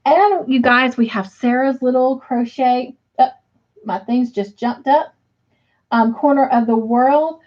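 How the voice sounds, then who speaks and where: In dull, lo-fi stream audio, a middle-aged livestream host chats away from home, often laughing as she reads viewer comments out loud. Her voice is high-pitched, slightly slow, and a touch mellow.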